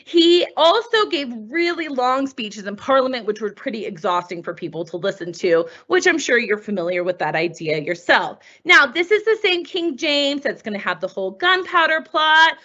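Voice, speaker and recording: Lively, bright-voiced woman teacher. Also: a little high, moderate pace, few pauses, highs cut off. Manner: chatty, asks rhetorical questions. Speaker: history teacher. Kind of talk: lecture over slides.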